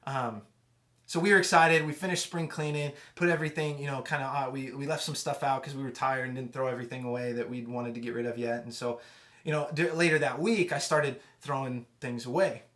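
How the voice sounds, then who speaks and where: A young adult man giving a youth sermon, telling a personal story conversationally with many restarts and dropping quiet for emotional moments. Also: mid-range voice, fairly even intonation, a little fast. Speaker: youth pastor.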